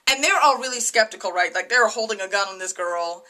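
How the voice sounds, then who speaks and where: A young woman chatting excitedly through a casual TV episode review, full of fillers and "right?". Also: medium pitch, a little fast. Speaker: TV review vlogger.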